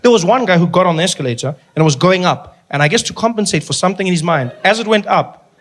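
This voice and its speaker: A male stand-up comedian telling stories on a live stage in an animated, playful way, using a handheld mic. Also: sits high, fast. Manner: animated, playful storytelling with big vocal swings. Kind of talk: stand-up storytelling. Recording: live comedy club with noise.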